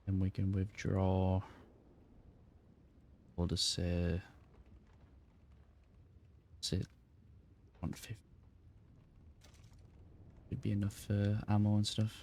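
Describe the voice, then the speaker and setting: A man's voice: low voice, little pitch movement, slow pace, long pauses, a little mellow. A man talking in character in a roleplay game, easygoing and practical. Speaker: roleplay player. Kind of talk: in-character casual chat.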